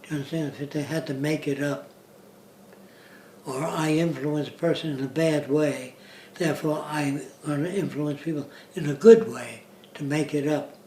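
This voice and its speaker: Man lecturing informally, fairly high voice, explanatory, checks listeners understand, roomy echo, set back from the mic. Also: steady tone, normal speed, a little mellow, slight background noise. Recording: roomy sound from a distance, faint ambience.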